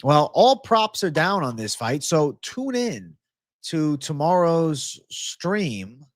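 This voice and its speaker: Slow-talking, swearing MMA betting host. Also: male voice, on the high side, very animated, no room sound, clean studio sound. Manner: frustrated, profane, ranting to chat. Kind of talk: live-stream prop picks talk.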